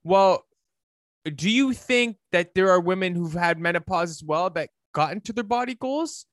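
A man, a fitness coach, giving an emphatic, preachy motivational talk that swings between loud and hushed. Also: sits high, animated, normal speed, no room sound, clean studio sound.

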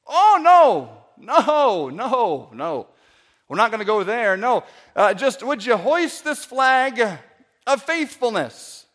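A man preacher voicing a seasoned old male sailor who calmly advises a younger one. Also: very high voice, takes it slowly, exaggerated voice. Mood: coaxing. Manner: soothing, advising.

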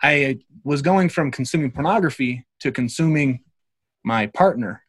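A man hosting a casual conversation, speaking calmly and reflectively. His voice sits at a middle pitch and is recorded dry and close. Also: normal speed, slightly rough, no echo.

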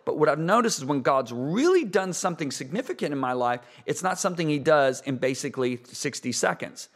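A man's voice: a little high, animated, a little fast. Earnest man preaching about prayer. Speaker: Christian talk show co-host. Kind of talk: preaching-style conversation.

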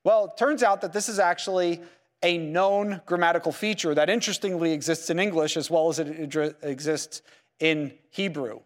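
Animated high-voiced male Bible teacher. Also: moderate pace, big-room sound. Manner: animated, asks the class rhetorical questions; peppers sentences with "okay?" and "right?". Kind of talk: classroom Bible lecture. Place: lecture room with slides.

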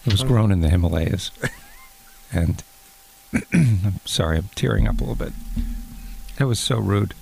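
A man playing a touchy, fondue-loving guest who talks in a deadpan, stammering way in an improvised comedy bit. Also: fairly low pitch, moderate pace, vocal fry, long pauses, husky, exaggerated voice.

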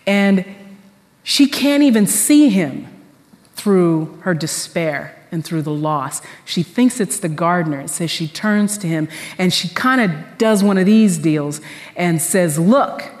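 A woman pastor preaching a sermon in an animated, conversational storytelling way with casual slang, in a church sanctuary. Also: lowish voice, slow, long reverb tail.

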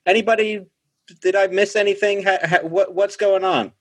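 A bright, high-pitched adventurer who rambles cheerfully and misses what is going on, as a man puts him on. The voice sits far above the speaker's usual tone. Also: fairly even intonation, moderate pace. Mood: cheery. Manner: rambling, upbeat. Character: cheerful oblivious adventurer bringing milk.

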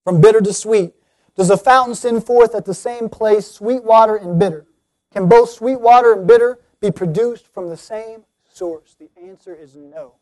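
A man's voice: high-pitched, normal speed, darkish tone. A man preaching an earnest sermon, speaking directly to his listeners and rising to emphatic appeals.

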